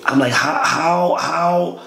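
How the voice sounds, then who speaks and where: A man's voice: fairly high pitch, slow pace, gravelly. A man telling a long personal story in a casual, slangy way, calling the listener "man" again and again. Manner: relaxed, says "man" constantly, slangy. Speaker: storyteller recounting army training. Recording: echoey room with faint noise.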